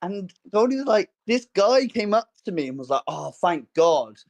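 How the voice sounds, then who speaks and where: A young man co-hosting a casual podcast, telling a story with many fillers and restarts and acting out quotes in a higher voice. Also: sing-song, brisk. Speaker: podcast co-host. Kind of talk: casual chat.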